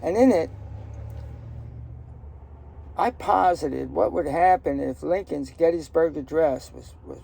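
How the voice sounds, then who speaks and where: A man's voice: a little high, takes it slowly, vocal fry, long pauses, warm tone, breathy edge. An older man telling stories from his life in a rambling, joking, outspoken way, recorded outdoors in a garden. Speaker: storyteller. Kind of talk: casual personal storytelling.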